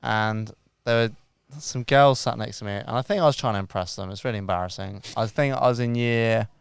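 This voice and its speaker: Gravelly man telling stories. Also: lowish voice, fairly quick, no room sound. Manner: sweary, self-mocking storyteller. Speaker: podcast co-host. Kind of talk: casual chat.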